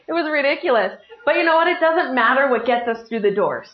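A middle-aged woman giving a personal testimony at a recovery meeting, telling her story with lively self-mockery and acting out what people said. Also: sits high, fast, few pauses. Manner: lively, self-mocking storytelling with acted-out quotes. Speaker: speaker sharing at a recovery meeting. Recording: echoey room, dull lo-fi sound.

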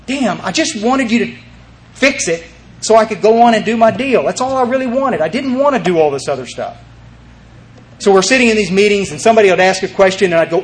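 Animated older man telling his story. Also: sits high, a little hiss or hum. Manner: animated storyteller, acts out voices, many restarts. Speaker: speaker sharing his recovery story. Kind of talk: recovery meeting talk.

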